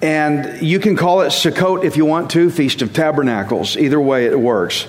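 A man's voice: on the high side, moderate pace. Man teaching in a reverberant hall. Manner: conversational, self-deprecating, chuckles often. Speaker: Bible teacher. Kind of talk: casual sermon. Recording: long reverb.

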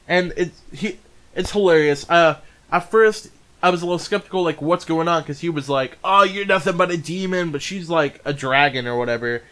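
A man's voice: on the high side, normal speed, fairly bright tone, slight background noise. Enthusiastic rambling man reviewing anime. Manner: enthusiastic, rambling, frequent restarts. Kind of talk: casual video review.

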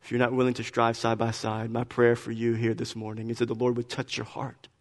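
A man's voice: medium pitch, monotone, fairly quick, in a large hall. A man preaching a sermon as pastor, emphatic and repeating his phrases, often restarting words. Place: church sanctuary.

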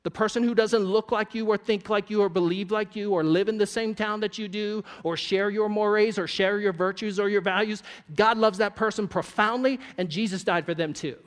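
Pastor guy preaching, highish voice, chatty jokey asides, big echoey hall. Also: fairly even intonation, moderate pace, few pauses, clean tone. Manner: conversational, joking asides to the congregation. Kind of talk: sermon. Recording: long reverb of a church hall.

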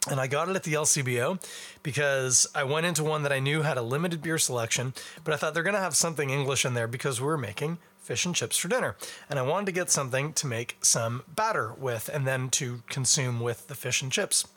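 A man's voice: medium pitch, fairly quick, a bit bright. A middle-aged man from Canada hosting a beer podcast in a chatty, wry, rambling way. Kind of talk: casual beer review chat.

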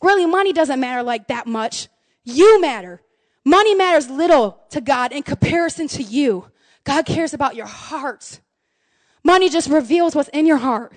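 A middle-aged woman pastor preaching a lively, folksy sermon, swinging from hushed asides to shouted excitement. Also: high-pitched, moderate pace, dry recording. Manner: folksy, says "y'all" and "man".

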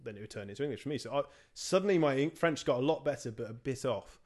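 A man's voice: mid-range voice, expressive, fast talker, a little mellow. A young man telling a story with a dry, wry edge. He stumbles and restarts often in an ordinary mid-range voice. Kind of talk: casual chat.

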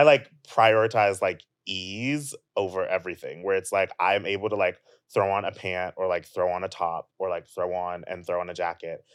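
A man's voice: sits low, clean tone, no room sound, studio quality. A young adult man chatting casually as a podcast guest, rambling and filling his sentences with "like". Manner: rambling, heavy use of "like". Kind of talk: casual chat.

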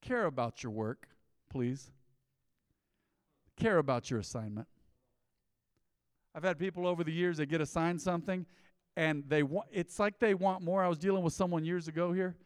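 Middle-aged pastor preaching in church, kinda high voice, smooth, punchy bursts, reverb tail. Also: male voice, normal speed, long pauses, clean studio sound. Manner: emphatic preaching with rising bursts and quoted asides. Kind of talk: sermon. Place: church sanctuary. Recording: live church sermon with long hall reverb.

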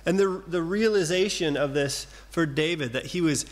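A middle-aged man preaching a sermon to a congregation in a gentle, reassuring way, pausing slowly and repeating key phrases. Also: a little high. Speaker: pastor. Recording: long hall reverb.

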